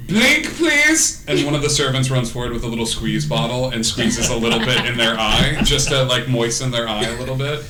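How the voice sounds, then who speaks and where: A man narrating a tabletop game as game master in a casual, halting way full of fillers, in an echoey room with background noise. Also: mid-range voice, fairly even intonation.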